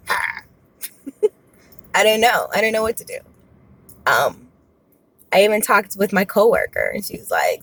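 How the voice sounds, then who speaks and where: A woman in her thirties telling a personal story to camera, candid and expressive, repeating words for emphasis. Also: mid-range voice, moderate pace, vocal fry, pauses often, husky, no echo, poor audio. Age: 30s. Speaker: vlogger.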